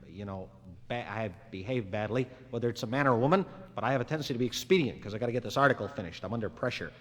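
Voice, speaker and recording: A man doing a live stand-up monologue in a rambling, conversational way, acting out both sides of the dialogue himself. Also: mid-range voice. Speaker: stand-up comedian. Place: live venue with audience. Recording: 1961 live album, long hall reverb, faint ambience.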